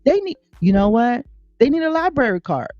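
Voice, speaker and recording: A woman's voice: fairly high pitch, brisk, no echo. A woman co-hosting a casual book podcast, telling stories with exasperation and acting out quotes. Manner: animated, exasperated storyteller, acts out quotes. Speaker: podcast co-host. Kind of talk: casual chat. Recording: dull lo-fi sound with faint music.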